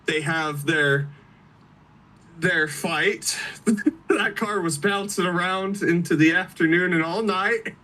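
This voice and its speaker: A man co-hosting a podcast, recounting a movie with animated laughter and frequent swearing. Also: high voice, takes it slowly, far from the mic, poor audio. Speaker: podcast co-host. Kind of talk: excited casual movie chat.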